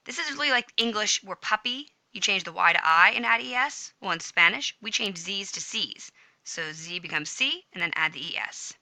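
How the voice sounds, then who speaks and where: A woman teaches Spanish grammar from notes shown on screen in a screen-recorded lesson, sounding upbeat and chatty and correcting her own slips as she goes. Her mid-range voice is expressive, pushed and bright, at normal speed. She records from a home room with a smart speaker, and the recording is rough but has no echo.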